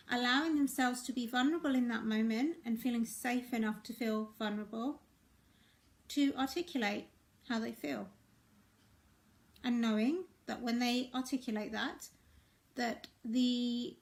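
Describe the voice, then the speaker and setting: A middle-aged woman, a relationship and life coach, talking viewers through feelings in a gentle, reassuring way that keeps checking in with them. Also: fairly high pitch.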